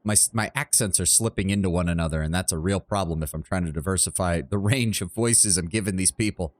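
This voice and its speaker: A man's voice: low-pitched, quick pace. A man casually thinking aloud while streaming a game from his apartment, self-deprecating and full of restarts. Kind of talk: casual livestream commentary.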